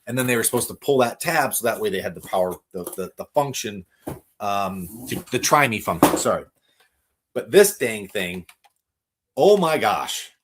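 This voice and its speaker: A man hosting a live toy unboxing stream, gushing with excitement and often stumbling over his words as he reads viewer comments. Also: lowish voice, normal speed, background noise. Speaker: toy collector livestream host.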